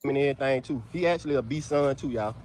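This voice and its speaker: A man, casually pitching his dogs for sale to viewers outdoors in his yard, peppering his talk with "y'all". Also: fast, a little mellow, dry recording. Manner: drawls "y'all" constantly, Southern US dialect. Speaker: dog breeder selling dogs.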